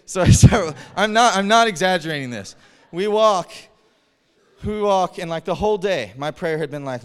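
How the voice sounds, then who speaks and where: A man preaching from the stage, his clear, resonant voice pitched a little high. He tells a personal story with animated energy and chuckles along the way. A long reverb from the hall trails behind each phrase. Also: normal speed. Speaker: pastor. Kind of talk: storytelling sermon. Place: church hall.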